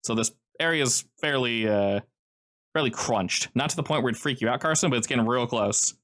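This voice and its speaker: A man's voice: medium pitch, brisk, a bit bright. A man running a tabletop role-playing game, describing the scene in a casual, rambling way with frequent fillers. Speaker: game master.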